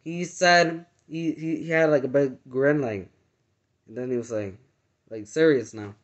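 A man earnestly recounting a dream in casual, halting speech full of fillers and restarts. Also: mid-range voice. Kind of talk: casual personal storytelling. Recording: dull lo-fi sound.

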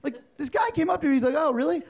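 A man's voice: extremely high pitch, very fast, creaky. A man in his forties doing a stand-up comedy set on a club stage, telling stories and acting out the exchanges in them. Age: 40s. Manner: animated storytelling, acting out quoted exchanges. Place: comedy club stage before a live audience.

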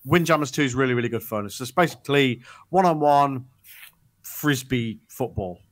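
A man's voice: medium pitch, normal speed. A man co-hosting a gaming podcast, chatting casually and rambling with lots of restarts and ums. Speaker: podcast co-host. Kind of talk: casual chat.

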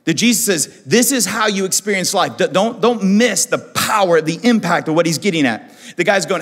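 A man's voice: high voice, expressive, normal speed, a bit bright, breathy edge, big-room sound. A male pastor preaching a passionate sermon, acting out the voices of people he quotes. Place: church auditorium.

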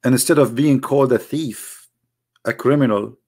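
A man's voice: mid-range voice, normal speed, a little mellow, slightly rough. A man with an Arabic accent, a native Arabic speaker, giving a sarcastic monologue as an online critic. He mocks his subject and keeps asking the viewers rhetorical questions. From Arab world. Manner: mocking, rhetorical, speaks straight to the audience.

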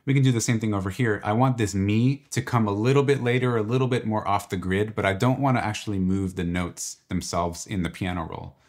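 A man with a low voice walks through music software step by step. He talks in a relaxed, exploratory way, thinking aloud as he clicks. It sounds like a screen-recorded tutorial. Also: fairly quick, few pauses. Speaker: tutorial presenter. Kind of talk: software walkthrough.

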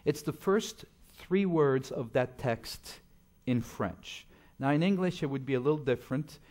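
A man's voice: medium pitch, measured pace. Middle-aged male preacher, church sermon, storytelling delivery with big swings in volume. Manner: storytelling, swings between loud emphasis and soft asides. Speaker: pastor.

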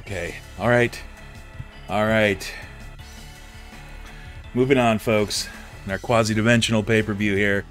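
A man's voice: fairly low pitch, fairly even intonation, measured pace, long pauses, a bit bright, soft background music. A man streaming a wrestling game, playing a theatrical announcer who talks to viewers as folks and acts emotional. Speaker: gameplay streamer. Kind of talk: mock wrestling announcer commentary over gameplay.

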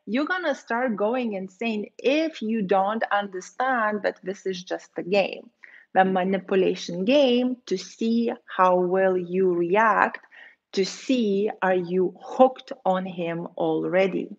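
A woman giving dating advice as a coach, talking straight to her viewers and acting out quoted lines. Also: slow pace. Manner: animated, acts out quoted lines in a higher voice. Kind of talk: advice monologue to camera. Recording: slightly dull, lo-fi audio.

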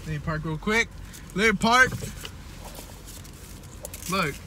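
A man's voice: high-pitched, slow, pushed and bright, slight background noise. A young man talking casually to his viewers from inside a car, joking and laughing as a vlogger. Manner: playful, laughing, addressing viewers as guys. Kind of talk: casual vlog chat.

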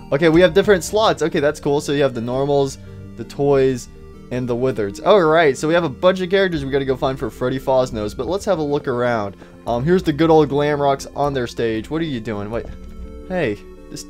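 A young man casually commenting on a video game as he plays, teasing the characters with playful asides. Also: medium pitch. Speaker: gaming YouTuber. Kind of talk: casual let's-play commentary.

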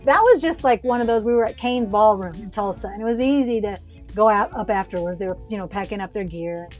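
A woman musician and educator, a podcast guest, telling stories in an animated, chatty way, laughing often and restarting her sentences. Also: mid-range voice, quick pace, soft background music. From United States. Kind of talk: casual storytelling chat.

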